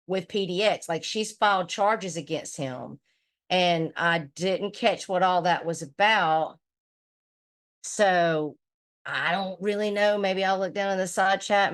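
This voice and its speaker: A woman streamer rambles through a gossipy recap, swearing freely. Her voice sits at a middling pitch, and she talks in a loose, unscripted way. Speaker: livestream commentator. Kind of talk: casual livestream recap.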